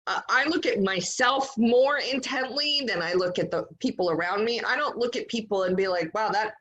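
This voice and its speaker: A woman's voice: on the high side, normal speed, a bit bright, highs cut off. Woman host asking reflective questions. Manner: reflective, relatable, asks questions after personal asides. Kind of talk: casual interview conversation.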